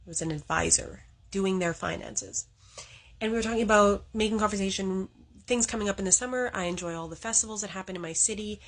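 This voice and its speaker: A woman's voice: mid-range voice, quick pace. A woman from Canada chatting earnestly to camera about an old work story.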